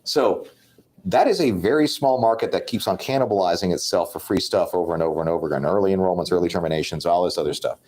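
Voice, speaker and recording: Man, low voice, blunt, opinionated, casual sales talk. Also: fast talker, darkish tone. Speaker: podcast co-host.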